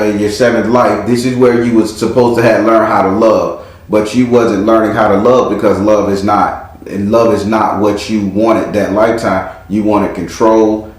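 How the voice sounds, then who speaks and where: Man, tarot reader, lowish voice, blunt profane storyteller, very echoey room. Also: darkish tone. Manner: blunt, profane, vivid storytelling with sound effects. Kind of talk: casual past-life reading.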